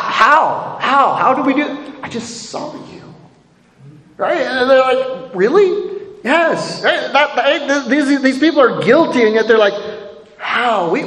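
A man preaching a sermon in a conversational way, often checking in with "right?" and acting out voices from the text. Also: sits high. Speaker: pastor. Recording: echoey hall with long reverb.

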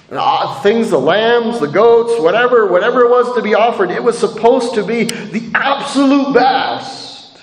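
A man preaching a sermon with a lively, high voice that swoops up and down. He speaks conversationally, often tossing in "right?" to his listeners. The sound is roomy, with a long hall reverb. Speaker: pastor.

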